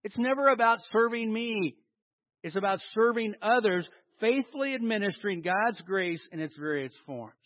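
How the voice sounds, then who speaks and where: Man, pastor, sermon, high voice, emphatic then hushed, call and response, somewhat muffled recording. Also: expressive, moderate pace, no room sound. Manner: dynamic preaching with big swings in loudness and emphasis; leads the congregation in call and response. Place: church hall with a congregation.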